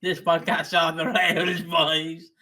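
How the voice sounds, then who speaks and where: A man's voice: fairly high pitch, completely flat delivery, slow pace, sharp tone, low-quality recording. A man co-hosting a casual podcast, telling stories with lots of swearing and laughter. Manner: sweary, giggly storyteller. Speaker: podcast co-host. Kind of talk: casual anecdote chat.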